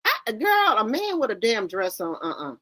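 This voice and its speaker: Woman host, casual gossip commentary, blunt and incredulous, pitch leaping all over, fairly high voice. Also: huge pitch swings, normal speed, no echo. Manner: loud, incredulous exclamations and blunt swearing; talks straight to her viewers.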